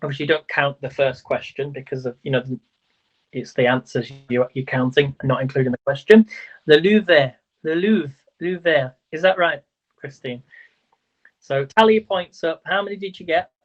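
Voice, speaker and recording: A man's voice: a little high, normal speed. Male livestream quiz host, chatty, trips over words, muffled lo-fi sound. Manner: chatty, stumbles over words, counts aloud. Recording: dull lo-fi livestream audio.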